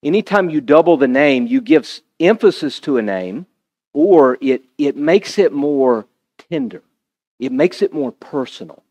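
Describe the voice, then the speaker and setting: Animated, high-voiced male preacher. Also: a little slow. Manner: animated, conversational preaching with asides to the congregation. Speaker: pastor. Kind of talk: sermon.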